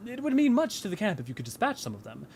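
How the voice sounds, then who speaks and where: A man's voice: sits high, huge pitch swings, quick pace, creaky, darkish tone, a little hiss or hum, pitched above the performer's own voice, full character voice. A man voicing an eager, helpful male camp worker in a game who chats cheerfully while handing out a task. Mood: friendly.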